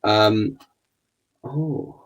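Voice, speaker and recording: A man with a gravelly voice, chatting casually while building a scale model kit and muttering and swearing under his breath. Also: lowish voice, extremely slow, highs cut off. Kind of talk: casual build video chat.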